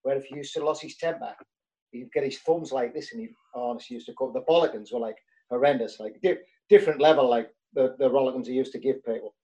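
A man's voice: mid-range voice, quick pace, warm tone, poor audio. A man, a former footballer telling rambling anecdotes with lots of fillers in casual chat.

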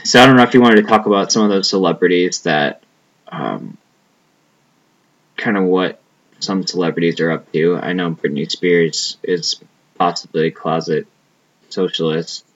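Young man, lowish voice, loose rambling chat, swears a lot, lots of "like". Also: moderate pace, pauses often, lo-fi sound. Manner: rambling, profane, trailing off with lots of "like". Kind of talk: casual chat.

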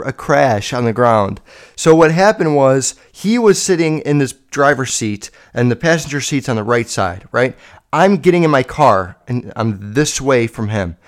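A man in his twenties hosting a solo podcast, telling stories in a rambling, profane, animated way. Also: mid-range voice. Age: 20s. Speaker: podcast host. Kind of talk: casual solo podcast storytelling.

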